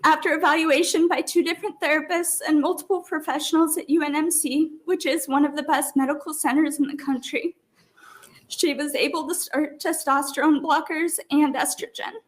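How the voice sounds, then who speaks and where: A woman's voice: high-pitched, fairly even intonation, normal speed. A mother giving emotional public testimony at a hearing, apologetic and fighting back tears. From Nebraska. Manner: tearful, apologetic, breaking up at times.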